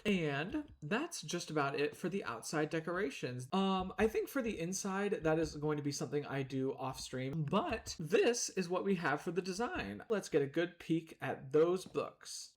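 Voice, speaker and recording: A young man casually commenting on his building game, chatty and rambling, sometimes talking between bites of food. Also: on the high side. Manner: chatty, rambling, talks while eating. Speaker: gaming streamer.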